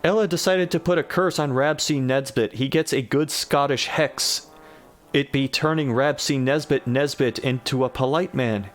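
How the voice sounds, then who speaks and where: A man giving a deadpan comic reading of an absurd story and breaking in with wry asides. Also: medium pitch, moderate pace, soft background music. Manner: dry, wry commentary. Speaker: reader of a generated story.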